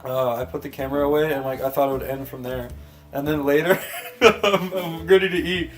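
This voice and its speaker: A man's voice: on the high side, steady tone, brisk, soft background music. A young man telling a rambling story to friends on a podcast, laughing often and filling his speech with "like". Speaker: podcast co-host. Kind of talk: casual storytelling among friends.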